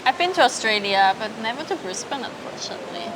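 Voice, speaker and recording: A woman's voice: fairly high pitch, animated, fast talker. A woman co-hosting a casual food-tasting chat outdoors by the sea, chatting between bites and often talking while chewing. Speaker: co-host. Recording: noisy outdoor recording, waves and rain.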